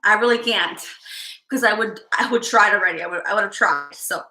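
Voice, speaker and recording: A woman from Chicago hosting a live psychic stream, talking fast with intense energy. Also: medium pitch, sharp tone, roomy sound, poor audio. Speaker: psychic livestream host. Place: live-stream setup, indoors.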